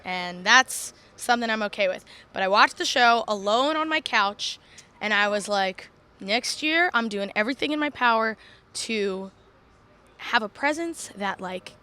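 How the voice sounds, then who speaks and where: A young woman from Long Island, a professional wrestler chatting as an interview guest in an animated, laughing way. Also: fairly high pitch. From Long Island, New York. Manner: animated, laughing, self-deprecating. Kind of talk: casual interview chat.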